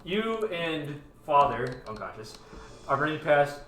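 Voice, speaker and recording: A man narrating as game master of a tabletop game, talking casually with many fillers and lively asides. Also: a little high, takes it slowly, echoey room, far from the mic, over a noisy crowd. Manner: animated, lots of "like" fillers, jumps into character voices.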